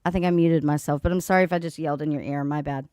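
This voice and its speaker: A woman's voice: low-pitched, fairly even intonation, rapid-fire, warm tone, clear, resonant tone, dry recording, clean studio sound. A woman hosting a casual livestream from home beside an open back door, chatting and greeting viewers by name. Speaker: livestream host. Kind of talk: casual live chat. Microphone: desk microphone.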